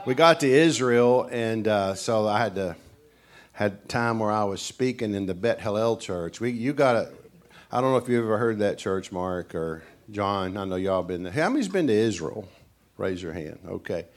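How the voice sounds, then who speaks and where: A man's voice: fairly low pitch, normal speed. Folksy East Tennessee preacher man. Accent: East Tennessee Southern. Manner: animated storyteller who acts out characters. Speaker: guest preacher. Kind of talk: folksy sermon storytelling.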